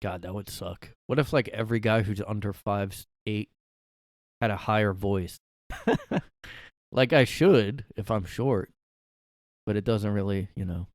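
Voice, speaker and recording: Young man, podcast host, rambling, crude jokes, low-pitched, dry sound. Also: a little slow, long pauses, no echo. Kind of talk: solo casual comedic talk.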